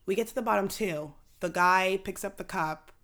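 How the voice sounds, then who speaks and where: A woman in her thirties telling a story in casual chat, laughing often and acting out other people's lines with big jumps in pitch. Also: normal speed, a bit bright. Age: 30s. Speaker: podcast guest telling a story.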